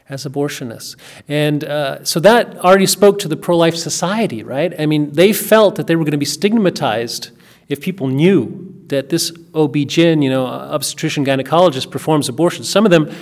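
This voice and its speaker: Earnest man telling a story, higher voice. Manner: earnest, repeats words and restarts, emphatic asides. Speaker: speaker recounting a family story. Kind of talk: casual spoken storytelling.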